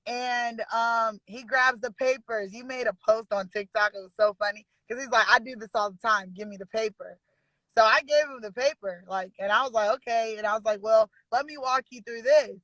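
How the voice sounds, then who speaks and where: A woman's voice: on the high side, normal speed, a bit bright, dry recording, rough recording. A woman from Sacramento, California, chatting as a student on a video call, retelling her story with quoted dialogue and giggles. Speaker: caller and student signing agent. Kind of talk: casual chat on a video call.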